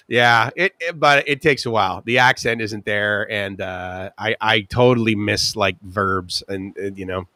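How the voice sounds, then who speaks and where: Middle-aged guy livestreaming, bright voice, dry close sound, chatty and jumpy. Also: on the low side, no room sound. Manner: chatty storyteller, quick asides and laughs, acts out voices. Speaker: live stream host. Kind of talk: casual rambling chat. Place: ocean-view bungalow.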